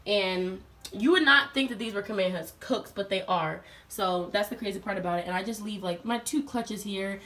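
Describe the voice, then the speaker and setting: A woman's voice: medium pitch, fairly bright tone. Chatty young woman giving a dorm tour. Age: young adult. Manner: chatty, upbeat, speaks straight to viewers. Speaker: college student vlogger. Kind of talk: casual dorm tour vlog. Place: college dorm room.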